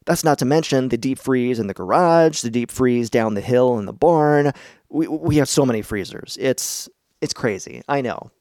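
A man's voice: medium pitch, moderate pace, a little mellow, no echo, studio quality. A middle-aged man hosting a podcast from his home basement, chatty and encouraging, laughing often as he explains things. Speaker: podcast host. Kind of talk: casual instructional podcast talk.

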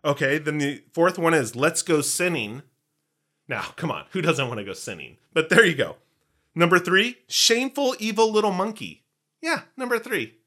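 Male podcast co-host, playful and hammy, slightly high voice. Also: sing-song, moderate pace, bright, forceful tone. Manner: playful, jokey, hammy pirate bits. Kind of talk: casual chat.

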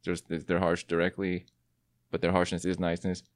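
A man's voice: sits low, monotone, brisk. A man hosting a podcast interview, playful and teasing in casual chat. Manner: playful, teasing, loose asides. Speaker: podcast host.

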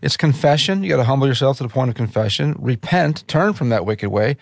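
A man hosts a radio interview in a gravelly, creaky voice. The sound is dry and close. He talks conversationally and fills his pauses with "uh". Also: medium pitch, animated, no echo. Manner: conversational, with frequent "uh" fillers. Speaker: host.

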